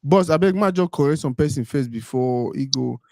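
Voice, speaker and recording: A man's voice: mid-range voice, normal speed, vocal fry, a little mellow, no echo, clean studio sound. A man hosting a casual interview, easygoing, switching between Pidgin and English. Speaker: host.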